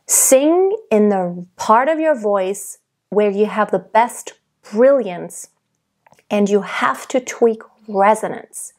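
A young adult woman giving a singing lesson, explaining technique calmly and demonstrating by singing. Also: a little high. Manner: calm, explanatory teacher who demonstrates by singing. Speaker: vocal coach.

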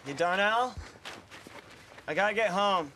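A man's voice: sits high, expressive, a little slow, noisy background. An actor playing a naive, timid young man who speaks hesitantly in a comedy film. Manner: hesitant and meek. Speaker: film character.

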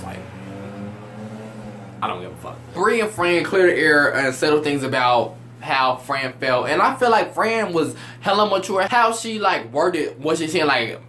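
A young man giving a loud, animated, profane rant as he reviews a reality show. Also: on the high side, moderate pace, a little hiss or hum.

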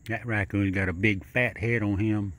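A man filming outdoors at night, talking low and coaxing in a soft sing-song call that rises in pitch. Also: steady tone, normal speed. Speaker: wildlife video maker. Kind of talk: hushed narration while filming animals. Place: outdoors at night near a house.

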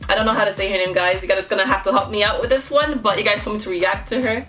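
Bubbly, bright-voiced woman vlogger. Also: medium pitch, fairly even intonation, fast, soft background music. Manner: bubbly and giggly, gushing exclamations to viewers. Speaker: YouTube reaction host. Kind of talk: casual reaction vlog chat.

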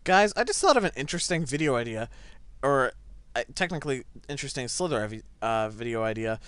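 A young man commentating his own gameplay, excitable, breaking into yelps and laughter, on a desk mic set back a little. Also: medium pitch, fairly quick, smooth, no room sound. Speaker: gaming channel host. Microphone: desk microphone set back a little.

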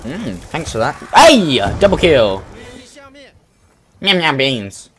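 A young man giving casual commentary while playing an online shooter, excitable and breaking into sudden shouts. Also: mid-range voice, slow, over a noisy crowd. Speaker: gamer.

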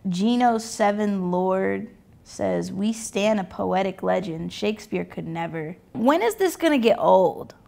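Laid-back sarcastic young woman with gravelly fry. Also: mid-range voice, expressive, measured pace, warm tone. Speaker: musician reading comments. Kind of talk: casual reaction commentary.

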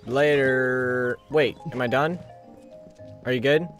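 A man's voice: mid-range voice, very animated, a little slow, fairly bright tone, faint music behind. A man recording let's play commentary, goofy and laughing, mock-outraged at the game. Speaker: gaming channel host.

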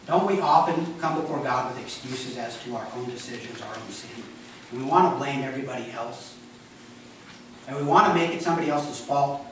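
Joking, conversational male pastor with a slightly high voice, preaching in a church, heard far from the mic in a very reverberant room. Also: fairly bright tone, a little hiss or hum. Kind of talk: sermon. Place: church sanctuary. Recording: echoey church hall from a distance.

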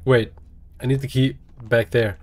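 A man's voice: mid-range voice, fairly even intonation, unhurried, darkish tone. A man giving casual let's-play commentary, chatting to the game and yelping when startled. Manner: chatty, talks to the game, jumpy yelps. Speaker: gaming video creator.

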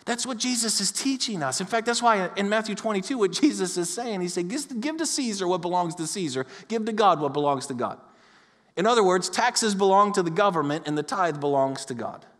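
A pastor preaches in a church, his voice high for a man and echoing with a long hall reverb. He tells stories animatedly, acting out the voices of the people in them. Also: fairly quick. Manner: animated storytelling, acts out quoted voices. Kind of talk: sermon. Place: church sanctuary.

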